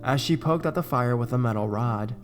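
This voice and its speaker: A man narrating a first-person horror story in a steady, conversational reading voice. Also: medium pitch, a little fast, over music.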